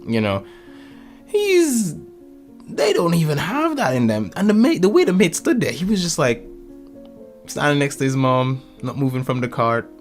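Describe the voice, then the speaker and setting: Speaking at a normal speed in a fairly high pitch, this male podcast guest spins lively stories in a casual chat. He acts out the quotes and voices, with faint music in the background.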